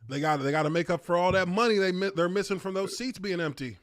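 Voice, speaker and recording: High bright-voiced dude hosting a podcast, cussing a lot, super dry close sound. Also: male voice, quick pace, no room sound. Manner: profane, animated storytelling. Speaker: podcast host. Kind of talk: casual chat.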